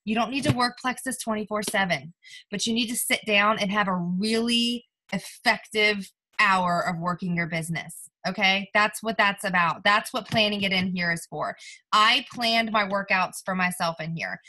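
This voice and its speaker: A woman's voice: medium pitch, normal speed, bright, forceful tone. A woman leading her sales team in a motivational call, talking directly and emphatically, with chatty "like" and "right?" tags.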